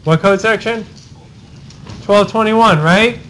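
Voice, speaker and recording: A male law professor teaching a class Socratically, calling on students by name and checking answers with quick "right?" tags. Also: high voice, fairly bright tone, slight background noise, low-quality recording. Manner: rapid cold-calling of students, tag questions like "right?". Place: university classroom.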